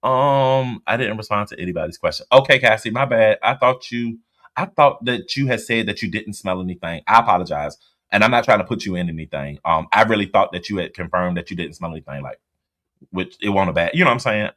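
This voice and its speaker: A man with a deep, low-pitched voice hosts a casual livestream. He talks bluntly and chattily, reacting out loud to viewer comments as he reads them. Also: animated, fairly quick. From US East Coast. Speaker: livestream host.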